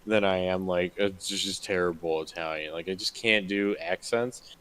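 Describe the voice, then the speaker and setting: A man's voice: low-pitched, fairly even intonation, moderate pace, fairly bright tone, slight background noise, rough recording. A man co-hosting a casual podcast, rambling, joking and swearing. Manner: jokey, profane, rambling. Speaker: podcast co-host. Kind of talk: casual chat.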